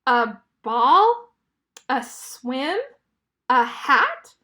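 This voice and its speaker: Lady voicing a curious sweet pig girl, bright voice, asks lots of questions. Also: high voice, sing-song, drawn-out words, exaggerated voice. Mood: puzzled. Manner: questioning, puzzled. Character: cheerful young female pig, caring friend.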